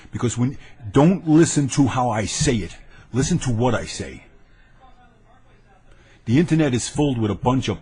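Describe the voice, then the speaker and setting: A man delivers an angry, boastful rant straight into his webcam. His voice is husky and middle-pitched, and he keeps hammering the same phrases for emphasis. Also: darkish tone. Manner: combative, boastful, repeats lines for emphasis. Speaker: vlogger ranting to camera. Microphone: webcam mic.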